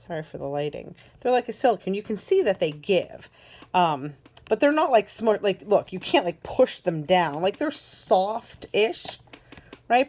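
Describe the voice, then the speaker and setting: A woman's voice: mid-range voice, darkish tone. A woman giving a casual, enthusiastic product walkthrough as a parent, chatty and repeating words for emphasis. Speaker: parent reviewing a car seat.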